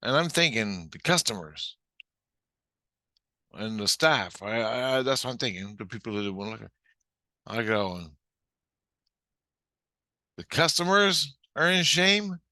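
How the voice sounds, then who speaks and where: A man's voice: fairly low pitch, animated, measured pace, pauses often, bright, forceful tone, no echo, clean studio sound. A middle-aged man telling a rambling, profane story about a strange experience, agitated and full of restarts. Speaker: vlogger recounting a spiritual experience.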